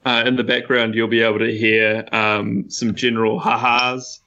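A man's voice: medium pitch, flat delivery, normal speed, bright, forceful tone. A man narrating his moves as a tabletop game player, hesitant with many fillers, on a dull lo-fi mic.

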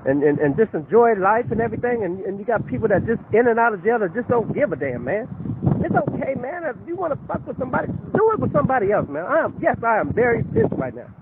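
A man's voice: very high-pitched, sing-song, fast talker. An actor playing a protective father in his fifties or older, on a one-sided phone call in a comedy short. He talks in streetwise slang, says "man" constantly, and swings between pleading and threats. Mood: angry. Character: protective, fed-up father of a grown son, over 50. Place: outdoors near a building site. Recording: tinny, wind-blown outdoor recording.

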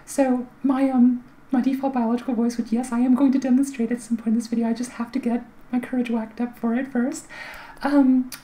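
A woman's voice: a little high, flat delivery, a little fast, mellow, low-quality recording. A woman with a light voice that carries little volume, explaining in a casual, chatty way with fillers and restarts. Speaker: vlogger giving voice tips.

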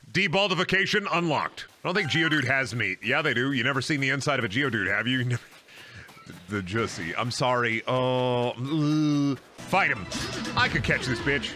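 A man's voice: mid-range voice, expressive, normal speed, bright, forceful tone. A young man streaming a video game, joking, rambling and swearing freely as he plays. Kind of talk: casual game stream commentary. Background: faint game music.

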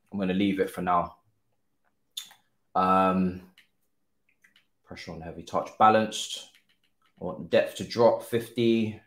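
A young man streams a football game live, talking slowly between bursts of shouting and swearing at the players. His voice sits at a middle pitch and bounces around an echoey room. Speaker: gaming streamer. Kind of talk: live gameplay commentary.

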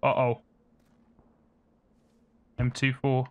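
A man's voice: medium pitch, completely flat delivery, very slow, phone-quality sound. A man giving casual gameplay commentary, chatting and muttering to himself as he plays. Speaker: gaming streamer.

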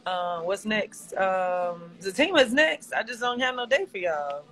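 A woman hosts a relaxed live video chat from home. She speaks in an affectionate, playful way, laughing as she talks. Her voice sits at an ordinary middle pitch. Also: measured pace, soft background music, rough recording. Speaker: live stream host. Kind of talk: casual live stream chat.

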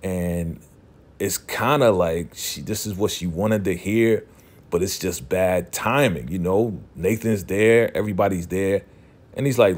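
Slangy, low-voiced man recapping a show. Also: animated, a little slow. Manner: retells scenes by half-acting the characters' quoted lines; slangy, talks straight to viewers. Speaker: TV episode recap host. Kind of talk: casual spoken recap.

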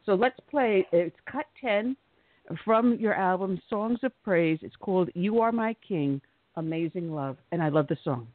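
A male radio host with a high voice chats with a guest in a conversational way. His voice comes through a thin, phone-like line and sounds dry and close. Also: animated, measured pace, no room sound. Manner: chatty and conversational. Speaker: radio talk show host. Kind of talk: radio talk show chat.

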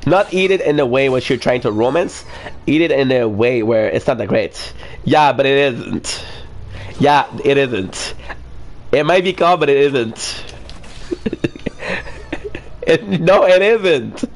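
A man's voice: mid-range voice, animated, a little slow, gravelly, long pauses, a little hiss or hum. A man chatting casually with friends online, joking, teasing and laughing often, swearing freely.

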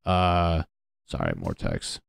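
A man's voice: a bass voice, sing-song, slow pace, creaky, no room sound, studio quality. A man from Connecticut hosting a solo comedy podcast, riffing in a profane, self-mocking way. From Connecticut, USA. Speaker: podcast host.

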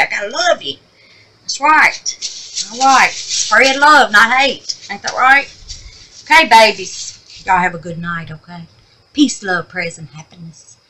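A woman's voice: mid-range voice, sharp tone, a little hiss or hum, rough recording. A woman hosting a craft channel, chatting affectionately with viewers and easily sidetracked. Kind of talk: casual vlog sign-off with prayer.

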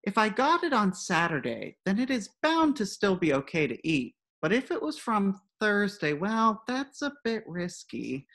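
A woman's voice: medium pitch, big pitch swings, a little slow, hardly any pauses, a bit bright, pitched above the performer's own voice, exaggerated voice. A woman voicing a dithering male fox who frets and second-guesses himself in a comic satire she reads aloud. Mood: fretful. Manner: fretful, second-guessing inner monologue. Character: dithering male fox fretting over old chicken.

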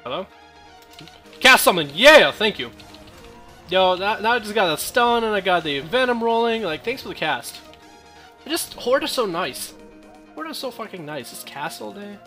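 A man's voice: high-pitched, sing-song, normal speed, fairly bright tone, soft background music. A young man giving casual, joking gameplay commentary, full of profane trash talk and rambling asides.

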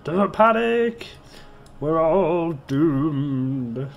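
A man voicing a panicky, doom-crying old man from a comedy, loud and drawn out. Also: very high-pitched, takes it slowly, creaky, dull audio, soft background music, pitched above the performer's own voice, exaggerated voice.

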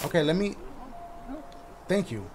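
Loud excitable man gaming. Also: a little high, unhurried, very noisy. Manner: loud, excitable, shouting reactions and running jokes. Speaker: gaming YouTuber. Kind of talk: horror game let's play commentary. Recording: music playing behind the voice.

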